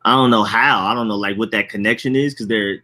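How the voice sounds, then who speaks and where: A young man co-hosts a podcast in relaxed, slangy chat. His voice is bright and forward, and he laughs often as he talks. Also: fairly low pitch, quick pace. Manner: laughs often, animated, loose slangy talk. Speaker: podcast co-host. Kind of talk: casual chat.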